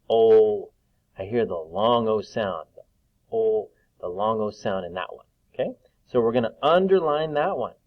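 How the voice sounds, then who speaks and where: Slow, patient man teaching young kids. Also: on the low side, phone-quality sound. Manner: slow, patient, sounding out letters and vowel sounds. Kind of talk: recorded phonics lesson for young children.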